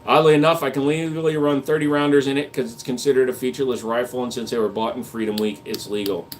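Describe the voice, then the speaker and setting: A man's voice: medium pitch, steady tone, fast, a little hiss or hum. A man hosting a livestream, reading chat comments aloud and answering with crude jokes and casual gun talk. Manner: crude joking banter, reads comments aloud.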